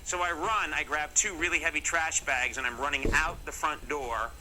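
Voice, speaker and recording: Against a noisy background, a man with a fairly high voice talks at normal speed. He's a middle-aged comedy host from Massachusetts, USA, spinning jokey, mock-serious stories to camera with wry asides.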